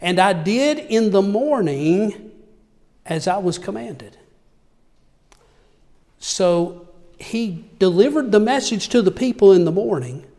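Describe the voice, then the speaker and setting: Man preaching, high voice, reads verses aloud, asks the listeners questions, long reverb. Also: sing-song, slow, pauses often, a little mellow. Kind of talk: sermon.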